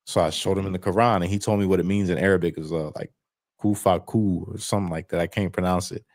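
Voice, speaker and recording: A man's voice: low voice, fairly even intonation, fast, a little mellow. A man on parole, speaking as an interview guest over a video call, telling his story in a frank, plain-spoken way and swearing freely. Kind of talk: candid casual storytelling.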